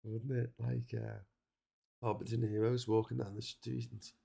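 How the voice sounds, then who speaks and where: A man hosting a long solo livestream, reading out viewer messages in an excitable, chatty way, laughing often and restarting his sentences, and tired from the long stream. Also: medium pitch, moderate pace, gravelly. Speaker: livestream host.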